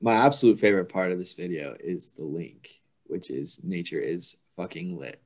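Deep-voiced man telling laughing stories. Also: normal speed. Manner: laughs through vivid anecdotes. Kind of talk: casual chat, storytelling.

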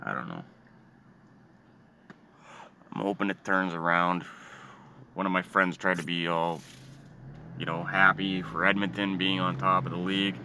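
A young man ranting profanely and sarcastically, jumping from loud outbursts to low muttering. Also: flat delivery, normal speed, a little hiss or hum. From Canada. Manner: swears constantly, sarcastic, swings between shouting and muttering. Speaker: hockey fan ranting. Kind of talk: profane casual rant.

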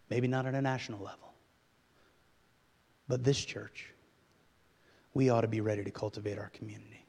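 A man preaching a sermon as pastor, swinging between quiet low asides and loud, rising, emphatic passages. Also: husky, long reverb tail.

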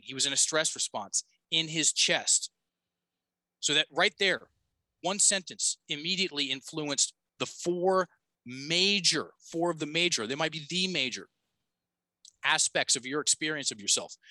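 A man on a podcast tells a story from his coaching work, emphatic and casual, with a swear word dropped in here and there. His voice is pitched a little high and sounds strikingly bright and forceful. The sound is dry. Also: dry recording, rough recording. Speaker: podcast guest, communication coach.

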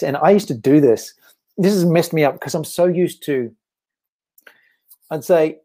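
A man's voice: mid-range voice, mellow. A man, a guest author speaking earnestly and reflectively about faith in a casual interview. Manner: earnest and reflective, with frequent restarts.

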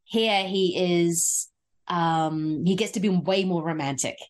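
A woman's voice: fairly low pitch, slow pace. A woman hosting a film podcast, chatting casually and enthusiastically about movies, often laughing and acting out lines from scenes. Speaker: podcast host.

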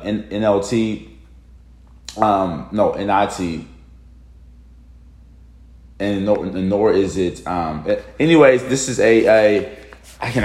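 A man leading a casual morning Bible study, chatty and loose, often stumbling over his words and bursting into excited exclamations. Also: lowish voice, echoey room. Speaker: devotional leader.

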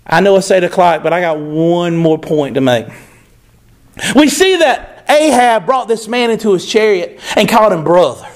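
A man's voice: high voice, animated, normal speed. A man preaching a sermon, emphatic and repeating phrases for stress.

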